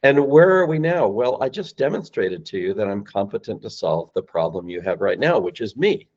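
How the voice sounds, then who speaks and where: Male podcast guest, deep-ish, very lively delivery, dull lo-fi audio. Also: moderate pace. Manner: emphatic, acts out phone lines, rising and falling voice. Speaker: guest, sales company founder. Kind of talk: animated podcast explanation.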